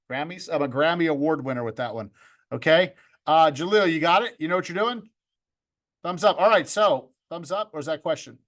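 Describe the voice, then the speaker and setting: A man's voice: on the high side, fairly bright tone. A man teaching a video-editing class over a video call, upbeat and joking, talking to students by name. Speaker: video club instructor. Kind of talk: online class instruction. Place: home room with green screen.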